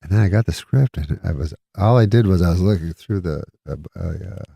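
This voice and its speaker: A middle-aged man telling a rambling, deadpan comedy anecdote in casual chat, chuckling between lines. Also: low voice, brisk, gravelly, breathy edge, no room sound. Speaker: comedian guest.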